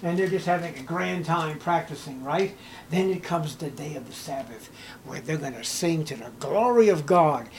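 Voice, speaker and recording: A male pastor preaches with a high-pitched voice, swinging between hushed, drawn-out lines and raised, punchy ones. A faint hum of ambient noise sits under the sermon. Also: animated, rough recording.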